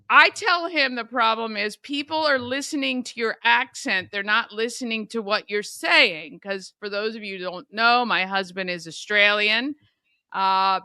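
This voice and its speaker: Bright, crisp-voiced chatty woman host. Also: medium pitch, dry recording. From United States. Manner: chatty, laughs easily. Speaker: morning show host. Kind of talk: casual chat.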